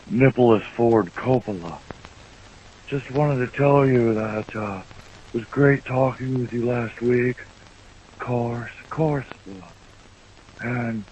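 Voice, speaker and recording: A man doing a deadpan, creepy movie-star impression. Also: mid-range voice, slight background noise, natural voice. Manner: deadpan, suggestive. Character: man impersonating a famous film actor, deadpan and creepy. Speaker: voicemail caller. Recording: muffled voicemail.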